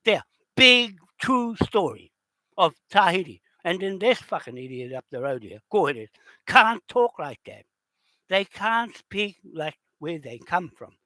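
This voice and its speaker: A man in an unscripted rant, heated and accusatory, swearing and often shouting. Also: a little high, expressive, unhurried, no echo. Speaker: video host.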